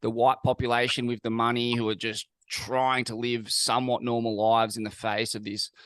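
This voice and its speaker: A man's voice: mid-range voice, little pitch movement, normal speed, fairly bright tone, clear, resonant tone, dry recording. Laid-back man, dry close sound. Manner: enthusiastic, rambling, laid-back. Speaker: podcast host. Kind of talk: casual interview chat.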